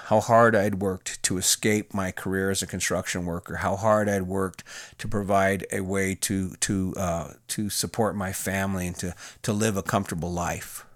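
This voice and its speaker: A man's voice: fairly low pitch, no room sound, clean studio sound. A middle-aged man, a former prison officer, telling a personal story in a candid, plain-spoken way with restarts and fillers.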